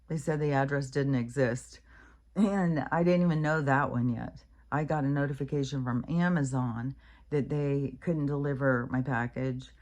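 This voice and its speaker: A woman's voice: rumbling low, mellow. A middle-aged American woman talking at home in a meandering, casual way, with many fillers and restarts. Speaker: vlogger. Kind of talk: casual rambling monologue. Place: at home, with her dog nearby.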